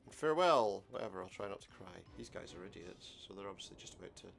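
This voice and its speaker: Male gamer, deep and a bit gravelly, wry casual commentary over soft game music. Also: steady tone, quick pace. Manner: wry, sarcastic asides. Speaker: let's play gamer. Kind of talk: casual game commentary, reading game dialogue aloud.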